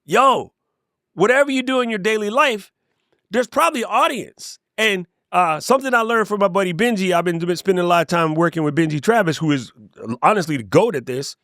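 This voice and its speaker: A middle-aged man giving an energetic, conversational motivational talk to camera, with playful asides. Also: high voice, a little fast, dry recording, clean studio sound. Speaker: YouTube creator and coach.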